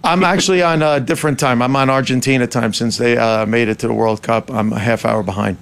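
A man's voice: medium pitch, fairly even intonation, a little fast, creaky, fairly bright tone. A man, a comedian guest, joking and defending himself in casual comedic banter.

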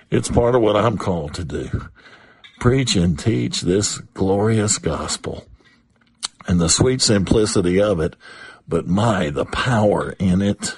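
A man preaching a sermon on the radio, slow and emphatic, repeating phrases for weight. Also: on the low side, animated, breathy edge, no echo.

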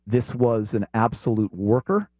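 A man's voice: mid-range voice, lively intonation, measured pace, warm tone, no echo. A man co-hosting a sports talk show, telling stories with enthusiasm in casual chat. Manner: enthusiastic storyteller.

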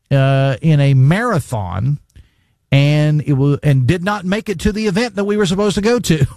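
A man's voice: medium pitch, darkish tone, dry recording. A man hosting a casual talk radio show, chatting and reading listener texts in a studio. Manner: chatty, conversational, laughs easily. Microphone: studio microphone.

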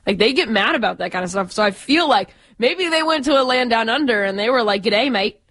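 A woman's voice: on the high side, animated, quick pace, a bit bright, no room sound. A woman from Texas co-hosting a sports radio show, chatty and opinionated. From Austin, Texas.

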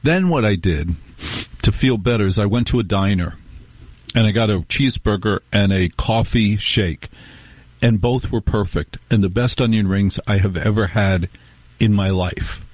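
A man's voice: lowish voice, moderate pace, no echo. A middle-aged man hosting a talk radio show, telling rambling, wry stories with restarts in a casual monologue.

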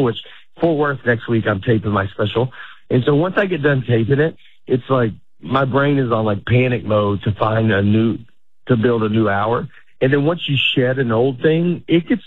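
A man's voice: medium pitch, no echo. A middle-aged man, a stand-up comedian, chatting casually in an interview, rambling and restarting his sentences, laughing often. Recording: tinny phone-like sound.

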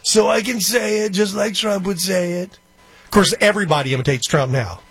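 A male radio talk show host rambling through an opinionated monologue with quick asides. His voice is high and a touch husky, and the sound is dry and close. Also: fairly bright tone, no echo.

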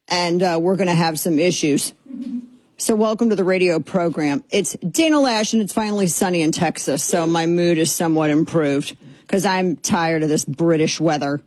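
A woman's voice: fairly low pitch, normal speed, a little mellow, no echo. A woman hosting a radio talk show, talking in a casual, opinionated and sarcastic way, often exasperated and rambling with fillers. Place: radio studio. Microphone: studio microphone.

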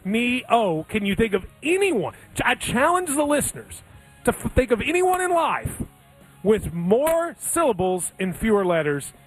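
Lively joking sports radio host. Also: male voice, very high-pitched, normal speed, faint music behind. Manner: joking, playful banter. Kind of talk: casual sports betting chat.

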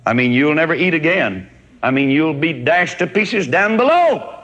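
A preacher voicing a wise mother eagle in a sermon story, with a husky tone. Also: a little high, sing-song, moderate pace, a bit bright, dull audio, pitched above the performer's own voice. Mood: warning.

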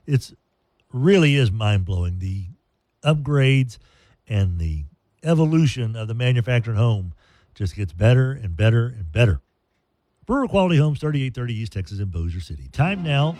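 A man's voice: mid-range voice, sing-song, normal speed, a little mellow, no room sound. A man hosting a talk radio show, reading sponsor ads in a chatty, rambling way. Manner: chatty, rambling, restarts mid-sentence. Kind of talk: live ad read on talk radio.

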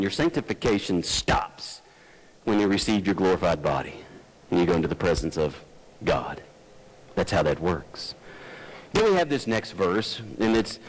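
A man's voice: on the low side, rough recording. A male pastor preaching a sermon in an earnest, folksy way, climbing to emphatic peaks and then easing into personal stories.

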